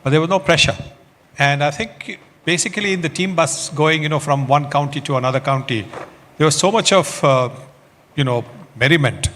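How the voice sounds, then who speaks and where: A man's voice: a little high, normal speed. An older man with an Indian English accent, a former cricketer reminiscing fondly and easily on stage. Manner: relaxed, fond, with fillers. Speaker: former cricketer, panel guest. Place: large indoor awards hall. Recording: reverberant hall with faint ambience.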